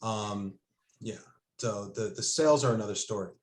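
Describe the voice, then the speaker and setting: In a room with noticeable echo, a man with a lowish voice speaks at normal speed as a guest discussing his own writing. The chat is casual, and he hesitates often, restarting sentences and filling gaps with ums.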